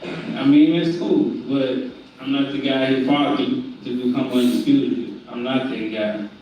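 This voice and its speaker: Flat-voiced boxer at a press conference. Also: male voice, medium pitch, a little slow, muffled recording. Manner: flat, determined, repetitive. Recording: echoey hall from far off with faint noise.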